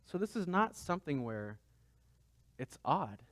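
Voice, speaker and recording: A man's voice: fairly high pitch, big pitch swings, a little slow, no echo. A man pastor giving a conversational sermon, asking the congregation rhetorical questions.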